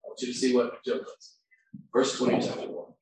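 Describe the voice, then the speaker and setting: Preacher in a big echoey hall. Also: male voice, medium pitch, monotone, a little fast. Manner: swings from quiet and reflective to loud and shouting. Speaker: pastor. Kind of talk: sermon. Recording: very echoey hall, distant mic.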